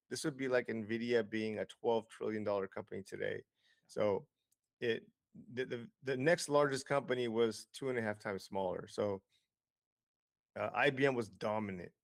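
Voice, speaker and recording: A man with a mid-range voice, recorded in a clean studio with no echo, appears as an interview guest. He explains investing in detail, heavy on figures, with frequent fillers and restarts.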